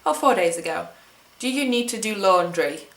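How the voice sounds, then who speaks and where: A woman's voice: medium pitch, lively intonation, normal speed, reverberant. A woman in her twenties with an English accent, chatting wryly and mocking herself as she answers questions at home. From England. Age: 20s. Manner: chatty, wry and self-mocking. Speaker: vlogger. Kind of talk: casual tag video chat.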